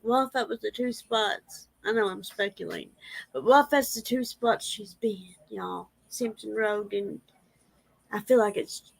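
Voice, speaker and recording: A woman's voice: fairly high pitch, fairly bright tone, rough recording. A woman, rambling in a casual livestream chat and reading viewer comments aloud. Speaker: livestream host.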